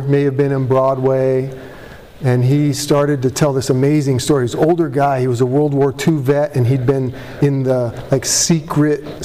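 In a meeting room before a recovery audience, a man with a medium-pitched, dark-toned voice speaks openly and pokes fun at himself. He rambles, starts over, and his voice breaks with emotion, with slight background noise behind him.

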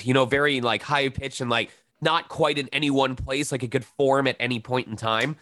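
A man in his thirties, a voice actor talking casually in an interview, lively and quick to slip into demonstration voices. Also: medium pitch. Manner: animated, demonstrates voices mid-sentence. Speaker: voice actor guest.

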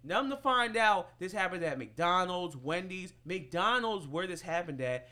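A young man hosting a podcast, telling a story in casual chat, animated and slangy and swearing freely. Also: high voice, measured pace, few pauses. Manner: animated and slangy, swears freely, gets loud when outraged. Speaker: podcast host.

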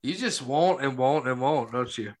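A man's voice: mid-range voice, animated, moderate pace. A man co-hosting a casual podcast chat, teasing his friends dryly and steering the talk along. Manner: dry teasing, steers the conversation. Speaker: podcast co-host.

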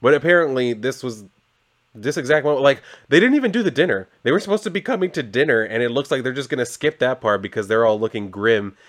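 A man casually recapping a comic issue, rambling and sarcastic, with frequent swearing and flatly read character lines. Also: mid-range voice, fast talker. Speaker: comic book reviewer.

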